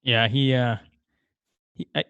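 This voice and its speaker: A man hosting a podcast, asking eager, excited questions in casual chat. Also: medium pitch, takes it slowly, smooth, dry recording. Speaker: podcast host. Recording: dull lo-fi sound, dry.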